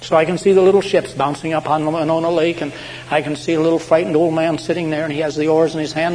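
Higher-pitched male pastor preaching in a hall. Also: fairly even intonation. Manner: dramatic storytelling, swinging between loud, slow proclamations and hushed asides. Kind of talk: sermon. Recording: hall reverb with faint background noise.

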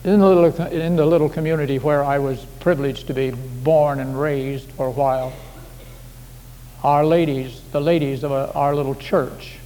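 A man's voice: fairly high pitch, warm tone. A man preaching a sermon as pastor, in a folksy, conversational way full of homely anecdotes, recorded in a church sanctuary. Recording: echoey hall with faint background hiss.

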